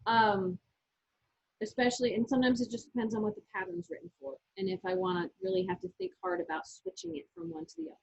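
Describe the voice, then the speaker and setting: A woman's voice: sits high, expressive, quick pace, creaky, darkish tone, breathy edge. A woman, co-hosting a casual knitting chat from her yarn shop and explaining techniques step by step. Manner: chatty, explains step by step with restarts. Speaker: yarn shop owner and co-host. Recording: muffled lo-fi audio.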